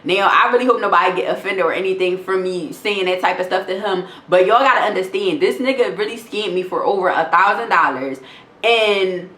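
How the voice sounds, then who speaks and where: A woman's voice: mid-range voice, a little fast, fairly bright tone. A young woman telling a storytime vlog, reading text messages aloud in a blunt, profane, indignant way. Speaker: vlogger. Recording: roomy echo.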